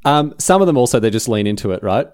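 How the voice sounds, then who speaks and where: A man chatting on a podcast, his pitch rising and falling freely as he talks. He laughs easily. The sound is close and dry, with no room around it. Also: fast talker, smooth, no room sound. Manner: animated storyteller, laughs often. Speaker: podcast co-host. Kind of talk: casual chat.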